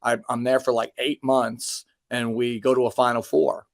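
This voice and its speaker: A man's voice: mid-range voice, level tone, normal speed, dry recording. A man in his thirties, a basketball coach, answering interview questions casually with many ums and restarts and dry self-deprecating jokes.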